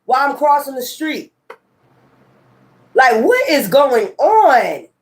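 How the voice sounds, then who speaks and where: A woman's voice: high-pitched, sing-song, slow. A woman tarot reader in a casual ranting monologue. She talks emphatically, swears and repeats her points. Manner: emphatic, profane and repetitive.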